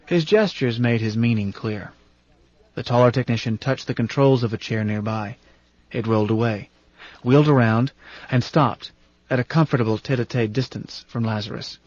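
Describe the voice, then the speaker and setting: A man narrating an audiobook, reading in a steady, even manner. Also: medium pitch, moderate pace, no echo. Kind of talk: scripted narration. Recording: dull, dry studio recording.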